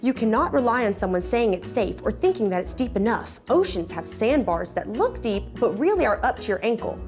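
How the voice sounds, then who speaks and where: A woman's voice: a little high, very animated, brisk, darkish tone, faint music behind. A woman reading a long warning text message aloud in an earnest, insistent way.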